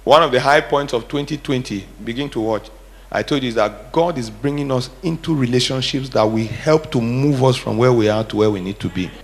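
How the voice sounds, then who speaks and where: A man's voice: mid-range voice, fairly quick. A middle-aged man preaching a sermon, asking the congregation questions and building to emphatic repeated phrases. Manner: call-and-response preaching, rising to emphatic repetition. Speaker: pastor.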